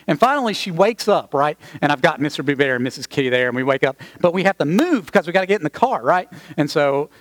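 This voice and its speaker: Male preacher, fairly high voice, chatty sermon storytelling with quick asides. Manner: conversational, animated storytelling with asides to the congregation.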